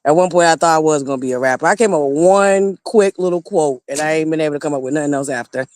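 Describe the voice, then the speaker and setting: A woman with a Southern American accent hosting a casual livestream gossip chat, animated and quick to laugh, talking straight to her viewers. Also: sits low. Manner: animated, laughs often, talks to viewers as y'all. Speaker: livestream host.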